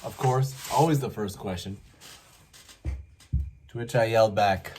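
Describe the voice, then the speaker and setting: A man from Canada telling a story casually, lively and full of asides, as host. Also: lowish voice, measured pace, pauses often, slightly rough. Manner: animated, acts out voices, many asides.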